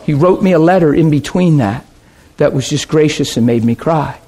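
A man preaching a sermon and telling stories, swinging from loud excitement to hushed, quiet asides. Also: fairly high pitch, normal speed. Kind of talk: sermon storytelling.

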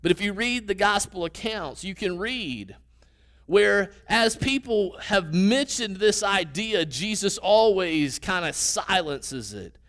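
Male preacher, high voice, conversational teaching delivery with questions to the congregation. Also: lively intonation, takes it slowly, a bit bright. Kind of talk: sermon.

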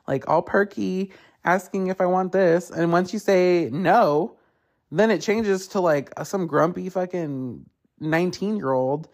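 Male podcast host, casual profane storyteller, fry in the voice, plays out other people's lines. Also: high-pitched, moderate pace. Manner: acts out others in quotes. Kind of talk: casual solo rant.

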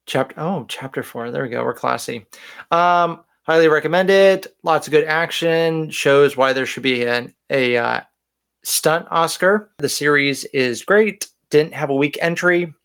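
A man's voice: fairly high pitch, a little slow, fairly bright tone, clear, resonant tone. Chatty man co-hosting a podcast. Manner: chatty, joking, self-deprecating. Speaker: podcast co-host. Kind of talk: casual chat.

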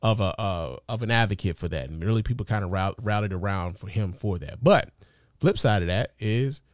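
A man's voice: on the low side, brisk, dry recording, studio quality. A man hosting a podcast, talking through sports commentary in a loose, profane, conversational way with lots of fillers. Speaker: podcast host. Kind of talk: casual commentary monologue.

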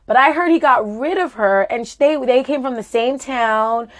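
A woman co-hosting a casual chat, opinionated and quick to laugh. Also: sits high, fairly bright tone. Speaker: podcast co-host. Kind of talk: casual chat about reality TV.

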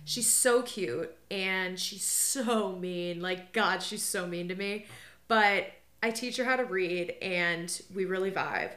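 A woman's voice: medium pitch, takes it slowly, fairly bright tone, roomy sound. A young woman co-hosting a podcast, telling stories in casual chat with lots of "like" fillers. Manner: rambling storytelling, heavy filler "like". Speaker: podcast co-host.

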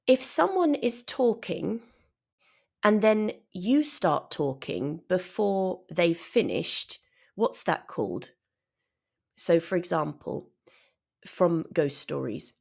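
Female English teacher, low and gravelly, patient explainer. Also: big pitch swings, slow pace, a little mellow. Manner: patient, explanatory, demonstrates examples aloud. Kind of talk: English vocabulary lesson.

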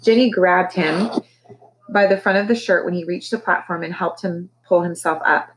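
A woman teacher reading a children's novel aloud with expressive storytelling. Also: on the low side, moderate pace, rough recording.

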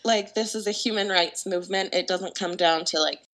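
A young woman with a morning voice, a guest singer-songwriter chatting casually in a podcast interview, full of "like" and "um" and quick laughs. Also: medium pitch, fairly bright tone. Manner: chatty, laughs often, many fillers like "like" and "um".

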